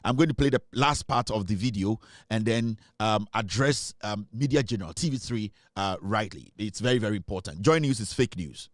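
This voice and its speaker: A man's voice: fairly low pitch, a little fast, few pauses, no room sound, clean studio sound. A man with a Ghanaian accent hosting an online talk show, giving casual political commentary with many fillers and repeated slogans.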